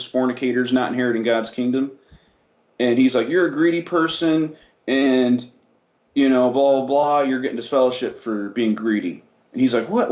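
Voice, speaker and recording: A man as an interview guest, retelling a story in an animated way and acting out the voices of the people in it. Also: mid-range voice. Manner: animated retelling, acts out quoted voices, laughs often. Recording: echoey room.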